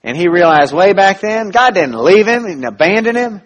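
Husky-voiced man preaching a sermon. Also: sits high, animated, normal speed. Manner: earnest, many restarts, swings from loud emphasis to soft near-whisper. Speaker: pastor.

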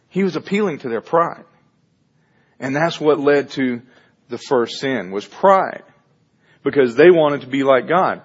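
Male preacher, sermon delivery, husky voice, dramatizes scripture quotes, dull lo-fi recording. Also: medium pitch, lively intonation, a little slow, pauses often. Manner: acts out biblical figures in quoted voices, then explains.

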